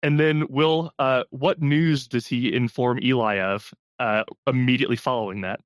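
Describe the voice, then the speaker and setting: A man's voice: medium pitch, steady tone, normal speed, dry recording. A man co-hosting a podcast, casually discussing films and retelling scenes with animation. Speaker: podcast co-host.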